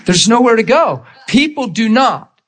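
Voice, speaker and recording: A man's voice: very high-pitched, big pitch swings, measured pace, noisy background. A man preaching a sermon, acting out both sides of conversations as he tells stories.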